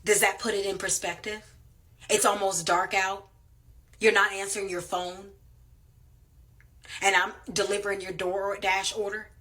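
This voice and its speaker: A woman's voice: medium pitch, flat delivery, a little slow, long pauses, bright, forceful tone. A woman delivery driver ranting to camera in a blunt, profane, angry way.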